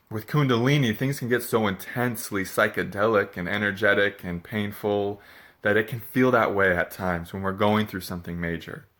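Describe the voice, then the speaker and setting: A man with a low voice and a sharp, tense edge talks straight to camera in a confessional vlog. He sounds sick and drained, and his delivery is soft, halting and searching. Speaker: spiritual vlogger.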